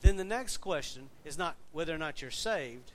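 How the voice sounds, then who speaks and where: Man preaching, talky and conversational, slightly high voice, faint low rumble behind. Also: expressive, moderate pace. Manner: conversational, asks the congregation questions. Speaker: pastor. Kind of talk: sermon.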